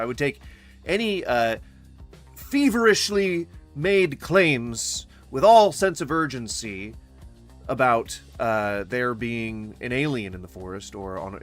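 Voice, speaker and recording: A man giving casual reaction commentary, rambling with halting restarts and blunt skeptical asides that include swearing. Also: lowish voice, fairly bright tone. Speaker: commentary streamer reacting to a paranormal podcast.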